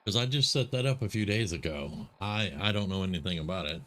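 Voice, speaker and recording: A man's voice: deep voice, brisk, fairly bright tone. Chatty man streaming a game. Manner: muttering, chatty reactions to the game. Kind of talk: live gameplay commentary.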